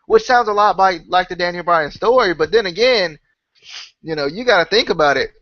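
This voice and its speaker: A man's voice: high-pitched, a little fast, no room sound, dull audio. A man hosting a wrestling podcast, his voice sick, talking in a casual rambling way with lots of "right?" and "you know.". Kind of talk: casual solo opinion talk.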